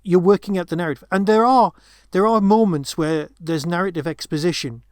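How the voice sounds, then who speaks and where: Chatting casually about a film, this podcast co-host rambles, restarts often and wanders off on tangents. His high-pitched, slightly mellow voice moves fairly quickly, and the studio-quality recording has no room sound.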